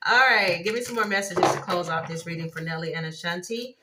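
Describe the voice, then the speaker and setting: A woman's voice: on the low side, a little fast, hardly any pauses, a little hiss or hum. A woman, giving a casual tarot reading to viewers, exclaiming at the cards as she turns them. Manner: excitable, exclaims at cards, laughs often. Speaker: tarot reader.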